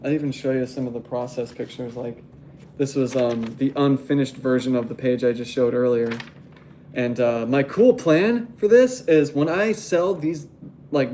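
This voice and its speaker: A man's voice: medium pitch, mellow, slight background noise. A young man in casual livestream chat as a graphic novel artist, rambling and laughing often as he talks.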